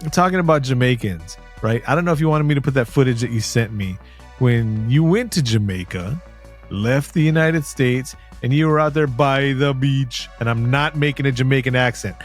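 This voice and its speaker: A man hosting a podcast, joking and teasing as he goes. He sometimes stops to plug the show's social media. His voice sits at an ordinary middle pitch, with faint music behind him. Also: expressive, moderate pace. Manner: joking, teasing, and plugging the show. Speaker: podcast host. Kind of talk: casual chat.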